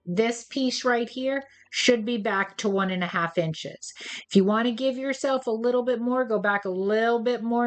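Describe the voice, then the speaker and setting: A chatty, playful American woman with a medium-pitched voice hosts a craft tutorial, walking through a card craft step by step. She addresses her viewers directly and chuckles at herself along the way.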